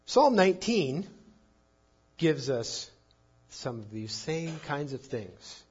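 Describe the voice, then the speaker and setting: A man preaching a sermon on the psalms, speaking emphatically and swinging between loud and soft. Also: fairly high pitch, big pitch swings, takes it slowly, slightly rough, highs cut off. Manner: emphatic, rising and falling in volume.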